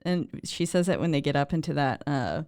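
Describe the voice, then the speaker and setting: A woman co-hosting a podcast, casually and excitedly recapping a horror film, swearing freely and acting out quotes. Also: low voice, normal speed, dry recording, studio quality. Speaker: podcast co-host.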